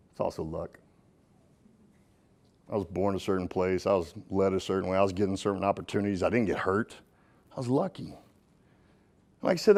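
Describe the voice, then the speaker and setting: A middle-aged man giving a live motivational keynote on stage, folksy and joking, swinging between punchy lines and hushed ones. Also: medium pitch. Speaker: motivational speaker. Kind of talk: live keynote speech to an audience. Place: stage in front of a live audience.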